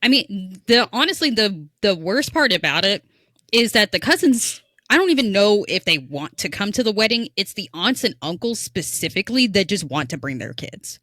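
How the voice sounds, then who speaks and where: A woman's voice: mid-range voice, sing-song, normal speed, pushed and bright, dry recording, studio quality. A woman co-hosting a podcast, telling stories in loose, casual chat and laughing often. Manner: chatty, laughing storyteller.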